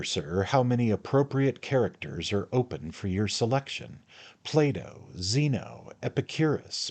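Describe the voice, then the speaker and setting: Guy doing a grave old-timey host, all flattery and formal, kinda husky. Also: medium pitch, pitched above the performer's own voice. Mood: effusive. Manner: effusive, formal, fawning. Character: grave pompous male society host, flattering.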